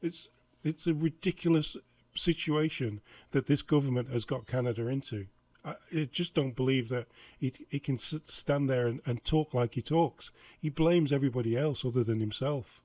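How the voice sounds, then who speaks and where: A man's voice: mid-range voice, normal speed, a little mellow, dry recording. A man hosting a reaction channel, exasperated and sarcastic as he comments on clips. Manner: exasperated, sarcastic, laughs often.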